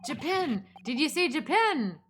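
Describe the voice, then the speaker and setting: A woman's voice: on the high side, brisk, a bit bright, slight background noise, close to an everyday voice. A woman voicing a hostile male prison governor in an improvised, wobbly put-on accent. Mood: gruff, hostile.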